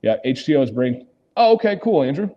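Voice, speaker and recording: A man's voice: medium pitch, big pitch swings, fast. Chatty man on a muffled livestream. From Michigan. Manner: chatty, laughs often, answers viewer comments. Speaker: livestream host reading chat. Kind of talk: casual livestream chat. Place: hotel public lobby.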